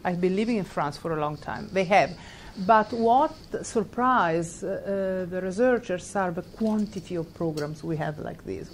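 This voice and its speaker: A woman's voice: medium pitch, slight background noise. A middle-aged woman from Italy with an Italian accent, giving a university lecture in English and often stopping to search for words. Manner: halting, searching for words, laughs while telling a story. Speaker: guest lecturer.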